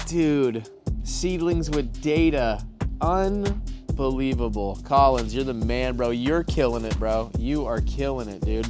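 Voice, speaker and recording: Excitable man unboxing plants, "dude" and "bro". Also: mid-range voice. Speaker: plant channel host. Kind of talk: casual unboxing vlog.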